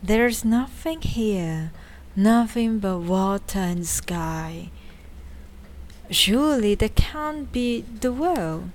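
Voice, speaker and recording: A woman voicing a gentle, dreamy little male character who speaks hesitantly. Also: medium pitch, lively intonation, very slow. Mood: dismayed. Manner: hesitant, soft-spoken.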